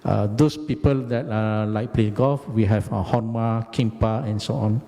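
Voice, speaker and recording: A man, giving a halting, deliberate lecture about his career. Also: on the low side, steady tone, warm tone, in a large hall. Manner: halting, deliberate, frequent hesitations. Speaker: guest lecturer, company managing director.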